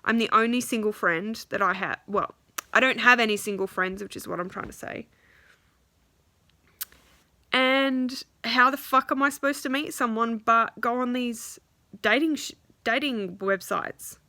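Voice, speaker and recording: A woman's voice: fairly high pitch, measured pace, bright, forceful tone, no room sound. A young woman venting about dating in a casual vlog, swearing freely and quoting others. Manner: frustrated, swears often, quotes others in voices. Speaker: vlogger.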